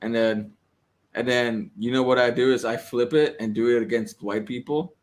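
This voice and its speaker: A man in casual podcast chat, telling stories in an animated, profane way. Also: mid-range voice, normal speed.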